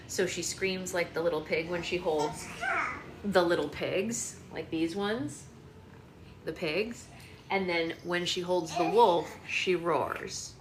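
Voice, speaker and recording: At home, a mother hosts a live book-club read-aloud over a phone livestream, reading and playfully chatting with her toddler in coaxing baby-talk. Her voice is on the low side, with a noisy background and roomy echo.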